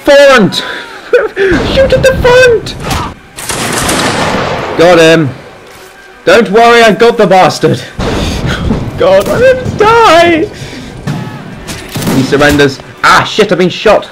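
A young man giving excited gameplay commentary, swearing, laughing and shouting orders. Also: high-pitched, slow pace, long pauses, over music. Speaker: gaming video host.

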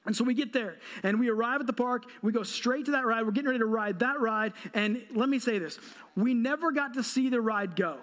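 A pastor in his thirties speaks with a strikingly high voice for a man. He preaches a sermon by telling a humorous, self-mocking story, and speaks with a storyteller's timing. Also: brisk, fairly bright tone. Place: church.

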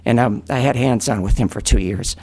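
A man in his fifties, a recovery advocate giving earnest, halting public testimony at a county meeting while fighting back emotion. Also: mid-range voice, dark tone.

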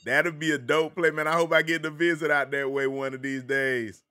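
A man's voice: on the high side, flat delivery, moderate pace, sharp tone. A man with a Southern American accent, from the Carolinas, casually chatting with viewers by name while streaming a game. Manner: laid-back, chatty, greets viewers by name.

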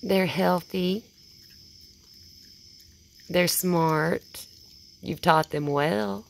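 A woman talking casually and cooing praise in a soft, baby-talk tone, outdoors at night. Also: low-pitched, very slow, creaky, long pauses. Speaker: vlogger. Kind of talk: casual talk to a wild animal.

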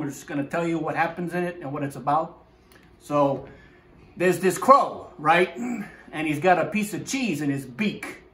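A man's voice: on the high side, a bit bright, roomy sound. Brash streetwise man rambling comedically. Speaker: comedic host. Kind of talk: comedic monologue.

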